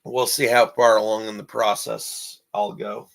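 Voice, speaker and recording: A man's voice: on the low side, little pitch movement, a little slow, vocal fry, low-quality recording. A young man talking casually in a vlog about his writing and animation work, rambling and repeating himself with many fillers. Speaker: amateur animator and writer.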